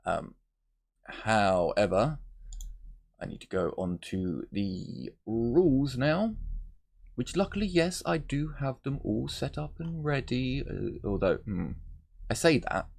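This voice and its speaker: A man's voice: medium pitch, slow pace, creaky. A man game master explaining rules and narrating a tabletop game in a chatty, joking way.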